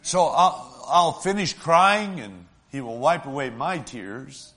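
A man preaching a sermon, talking in a folksy way to the congregation and swinging between loud, stretched-out lines and soft, hushed ones. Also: on the high side, expressive, slow pace, few pauses. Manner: emotional, swells loud then drops soft; folksy, asks the congregation "right?".

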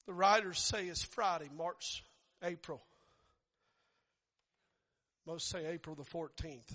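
Male preacher, storytelling sermon, high bright voice, swells to shouting, long hall reverb. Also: slow. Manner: builds to shouting fervor.

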